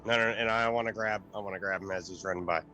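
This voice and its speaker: Deep-voiced man asking eager questions. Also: steady tone, fast, pushed and bright, soft background music. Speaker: player. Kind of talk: tabletop game play. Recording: lo-fi recording.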